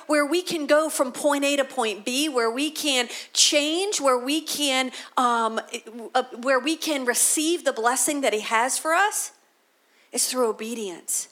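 A woman's voice: high-pitched, fairly bright tone. A woman pastor giving a conversational sermon, often restarting her sentences. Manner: conversational preaching with repeated restarts.

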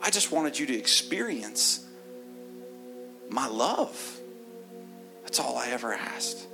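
A man preaching in a church voices a loving, generous father, lifting his voice higher to play him. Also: big pitch swings, normal speed, over music. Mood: tender. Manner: exuberant, then gentle and tender.

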